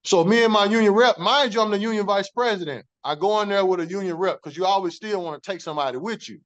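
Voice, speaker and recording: A man's voice: high-pitched, fast talker, fairly bright tone, lo-fi sound. A man, a former corrections officer, telling his story in an interview, emphatic and profane, acting out the dialogue he quotes.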